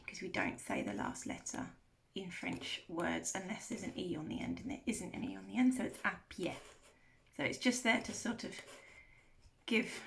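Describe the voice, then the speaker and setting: A woman teacher, slowly walking through vocabulary and repeating each word with care. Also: medium pitch, creaky, fairly bright tone, slight background noise. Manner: slow, careful explanation with repeated words. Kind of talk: recorded vocabulary walkthrough.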